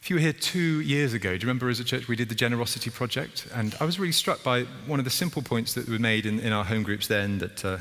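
A man's voice: mid-range voice, animated, quick pace, few pauses, a bit bright, long reverb tail. A male pastor preaching a sermon in church, conversational with rhythmic, repeating phrases.

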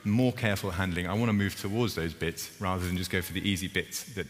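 Male pastor, low voice, conversational sermon delivery with wry asides; reverberant church hall, faint room hum. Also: fast. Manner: conversational preaching, lively emphasis and self-deprecating asides.

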